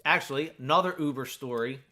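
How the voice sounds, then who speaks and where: A man's voice: medium pitch, quick pace, bright, forceful tone. An American man chatting in a rambling, filler-heavy way while playing a video game. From United States. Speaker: gaming streamer.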